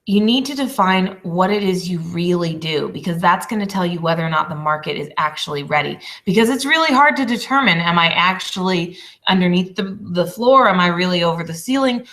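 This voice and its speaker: A woman in her twenties, a business coach teaching a casual lesson, chatty and quick to laugh. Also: on the low side, animated, fairly bright tone. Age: 20s. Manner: chatty, laughs often, apologizes.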